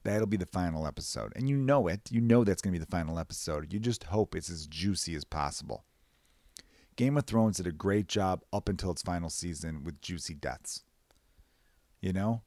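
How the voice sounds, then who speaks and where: A man hosting a podcast, rambling casually and profanely, short of breath and jumping into high mock voices. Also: normal speed, no room sound. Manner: profane, rambling, animated bursts into high-pitched mimicry. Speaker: podcast host. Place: away from his usual recording space.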